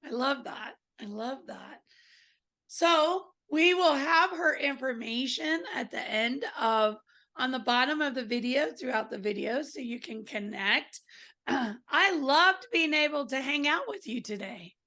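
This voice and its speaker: Hoarse high-voiced woman podcast host. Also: expressive, a little slow, pushed and bright. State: hoarse, voice off today. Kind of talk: casual interview chat.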